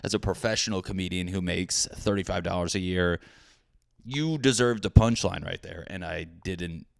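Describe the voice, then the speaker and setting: Man, thirties, podcast host, low voice, animated swearing rant, dead dry room. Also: normal speed, creaky, no room sound. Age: 30s. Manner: animated, swearing, jokey asides. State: sweating in a hot room. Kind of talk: solo comedic podcast rant. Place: small apartment with windows shut.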